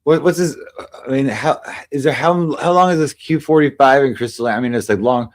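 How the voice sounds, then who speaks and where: A man's voice: medium pitch, brisk. Rambling male stream host. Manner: rambling questions with many fillers. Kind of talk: casual live-stream chat.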